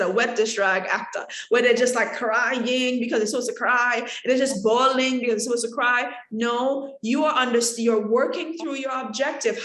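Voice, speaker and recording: A woman from the Caribbean teaching an acting workshop, talking straight to the room and acting out examples as she goes. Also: fairly high pitch. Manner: animated, talks to the room, acts out examples. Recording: echoey room.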